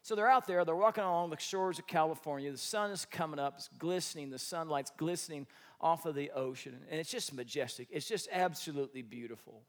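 Man, high voice, preaching a sermon, animated, loud bursts then quiet reflection. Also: a little fast. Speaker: pastor.

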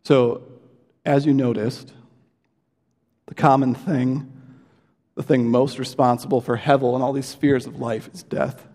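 A man's voice: mid-range voice, level tone, a little slow, pauses often, darkish tone. A man preaching a sermon in an earnest, conversational way, with many fillers and restarts. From United States. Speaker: pastor. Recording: long hall reverb.

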